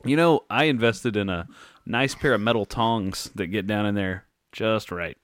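A man with a lowish voice tells loose, swearing stories in casual chat. His voice is close and dry, with no room sound around it. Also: moderate pace, no echo. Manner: laid-back storyteller, swears freely.

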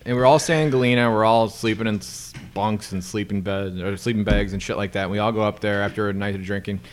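A man's voice: on the low side, steady tone, quick pace. A man hosting a podcast, telling a long story in casual chat, rambling and laughing often. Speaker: podcast host.

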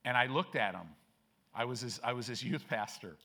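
Older man, pastor, church sermon, casual storytelling, emphatic build-ups, middle pitch. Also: brisk, sharp tone. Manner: conversational storytelling, rising to emphatic declarations. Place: church sanctuary.

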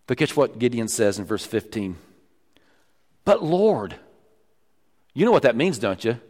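A man preaching a sermon as pastor, emphatic, often dropping to low, quiet lines for stress. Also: animated, a little fast. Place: church sanctuary. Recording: long church reverb.

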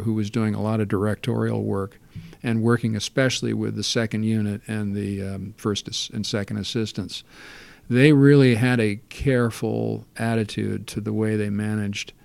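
Man, gravelly low voice, dry sound, rambling anecdotes with fillers. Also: darkish tone, no echo. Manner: rambling, many fillers and restarts. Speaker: interview guest. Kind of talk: relaxed anecdotal storytelling.

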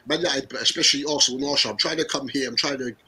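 A man chatting about football on a podcast, animated and playful, laughing often. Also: mid-range voice, very fast, breathy edge, poor audio. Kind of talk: casual football chat.

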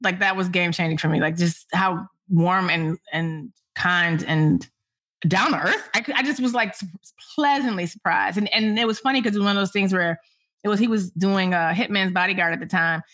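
A woman journalist in an interview, telling animated stories of meeting famous people, laughing and acting out what was said. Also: lowish voice, normal speed. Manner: animated, laughing, acts out quotes. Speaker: entertainment journalist. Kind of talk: casual interview storytelling.

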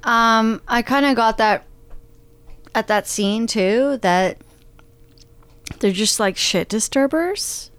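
A woman's voice: a little high, slow pace, long pauses, a bit bright, smooth. A woman co-hosting a casual movie podcast, playful and teasing with her friends. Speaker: podcast co-host.

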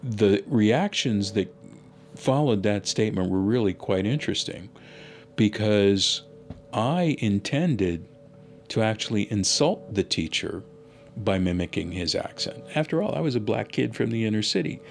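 A man's voice: on the low side, lively intonation, measured pace, creaky, faint music behind. A man being interviewed as a linguist, recounting a childhood story in a reflective, conversational way with many "you know" asides.

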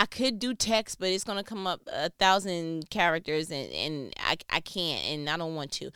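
A woman giving a motivational talk on relationships, preachy and animated, swinging from loud emphatic lines to low asides. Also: clean tone, dry recording, studio quality. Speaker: speaker giving relationship advice.

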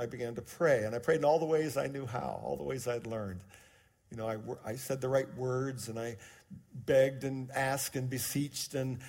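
A man in his sixties preaching a sermon, telling a personal story as he moves between quiet, hushed moments and emphatic, raised passages. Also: mid-range voice. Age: 60s. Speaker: pastor.

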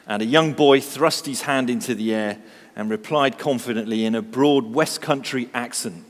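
A man's voice: medium pitch, normal speed, big-room sound. A man preaching a sermon, telling stories with humor and asking the congregation rhetorical questions.

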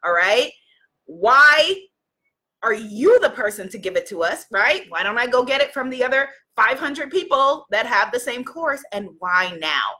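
A woman's voice: a little high, sing-song, unhurried, sharp tone. A woman business coach giving a chatty live-streamed talk to her students, laughing often as she goes.

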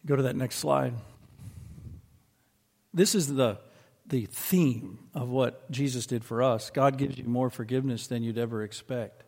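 A man's voice: medium pitch, creaky, darkish tone. Man preaching in a reverberant hall. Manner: storytelling, slows and presses for emphasis. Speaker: pastor. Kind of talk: sermon.

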